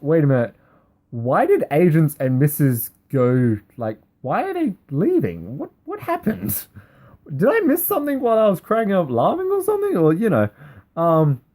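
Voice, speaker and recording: An animated man giving game commentary, his pitch leaping up and down as he talks. He rambles, giggles and keeps things loose and playful. He is casual and excitable the whole way through.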